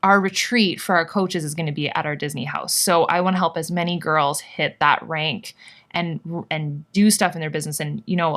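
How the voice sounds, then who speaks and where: A woman's voice: low-pitched, fairly bright tone. A woman vlogger and online business coach, talking to her viewers in a casual live workshop, bubbly and gushing, rambling with lots of fillers.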